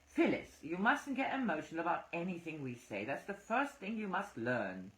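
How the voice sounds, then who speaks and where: A woman's voice: fairly low pitch, very animated, moderate pace, roomy sound, pitched above the performer's own voice, rough recording. A woman voicing a blunt male scientist who lectures and dismisses others. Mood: dismissive.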